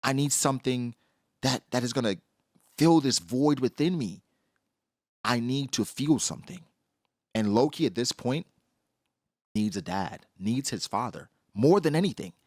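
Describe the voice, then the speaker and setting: A man giving casual, slangy commentary on a comic chapter, acting out characters in quick asides. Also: medium pitch, lively intonation, darkish tone, no echo, studio quality. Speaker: manga reaction host.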